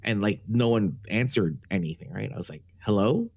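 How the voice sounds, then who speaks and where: A man on a podcast panel telling a story in a relaxed way, with lots of fillers and swearing. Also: lowish voice, a little fast, creaky, husky. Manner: laid-back, swears freely, many fillers. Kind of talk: casual storytelling.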